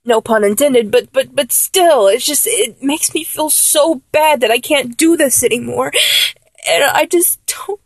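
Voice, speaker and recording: A woman in a one-sided audio role-play, talking in a halting, stammering, apologetic way. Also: sits high, husky, no echo. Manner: halting, stammering, with many restarts.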